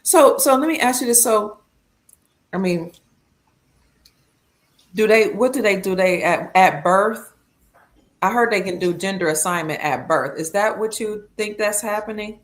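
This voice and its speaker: A woman hosting a livestream talk show, asking calm questions and reading out viewer comments. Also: mid-range voice, unhurried, pauses often. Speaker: host.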